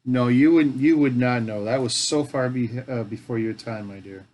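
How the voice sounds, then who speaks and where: A man's voice: mid-range voice, normal speed, highs cut off. Man, middle-aged, from Canada, live-stream host, casual chat, joking, talks to himself. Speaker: live-stream host building a toy kit. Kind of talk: casual chat while building.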